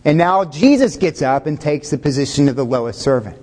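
A man preaching a sermon in a fairly high voice, in a loose, conversational way. He puts questions to his listeners and chuckles as he goes. A long echo trails his words through the hall. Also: expressive, brisk, darkish tone. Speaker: pastor.

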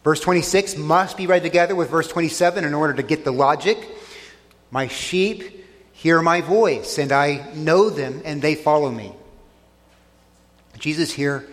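A man preaches from the pulpit with a slightly high, earnest voice. He leans hard on key words and draws phrases out slowly for emphasis. His voice rings with the long reverb of a church hall. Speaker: pastor. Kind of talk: sermon.

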